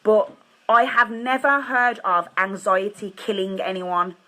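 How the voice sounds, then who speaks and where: A woman talks into her phone at home, telling her story to viewers she calls guys. Her voice is bright and clear, and she speaks in an earnest, confiding way. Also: mid-range voice, unhurried, poor audio. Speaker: host of a live stream. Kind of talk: casual live-stream talk to viewers.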